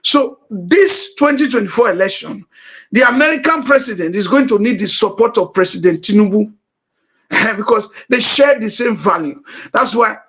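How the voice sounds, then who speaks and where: A middle-aged man with a Nigerian accent hosting a talk show, explaining politics and repeating points slowly. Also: high voice, fairly bright tone. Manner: many uh fillers, emphatic. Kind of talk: political commentary monologue.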